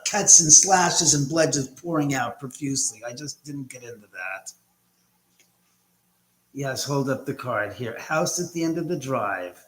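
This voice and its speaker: A man hosting a casual live stream from home, rambling and blunt with casual swearing. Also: mid-range voice. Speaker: livestream host. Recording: echoey room.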